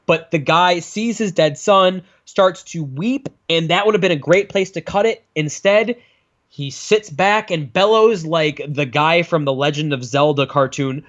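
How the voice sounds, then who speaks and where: A man co-hosting a casual film review chat, animated and swearing freely. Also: on the high side, a little slow. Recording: dull lo-fi sound.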